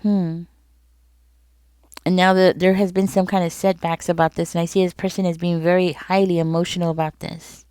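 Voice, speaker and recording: A woman talks viewers through a tarot spread in a loose, conversational way, circling back over her points. Her voice sits low and smooth. It is recorded close and dry, with no room sound. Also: flat delivery, moderate pace, darkish tone, no room sound. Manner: conversational, repeats herself, speaks directly to viewers. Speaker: tarot reader. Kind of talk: casual tarot reading to camera.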